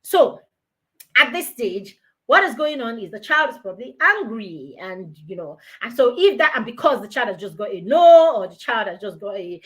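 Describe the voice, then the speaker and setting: A woman giving a lively parenting talk, acting out parent and child dialogues as she goes. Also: fairly high pitch, moderate pace. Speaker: parenting mentor. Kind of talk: live online parenting talk.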